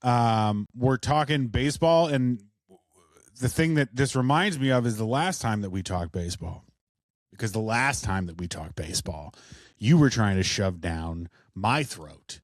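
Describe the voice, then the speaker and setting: A man's voice: on the low side, no room sound, clean studio sound. A man co-hosting a casual chat, ranting with heavy swearing. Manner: profane, ranting. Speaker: podcast co-host.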